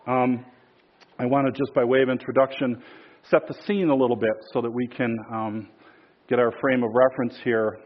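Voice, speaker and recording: A man's voice: mid-range voice, muffled recording. A man preaching a sermon in a casual storytelling way, with many fillers and restarts.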